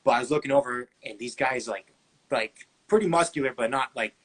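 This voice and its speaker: A man's voice: medium pitch, brisk, breathy edge. A man in his twenties, a podcast guest, telling his story casually with lots of fillers and acted-out dialogue. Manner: chatty, many fillers, acts out dialogue.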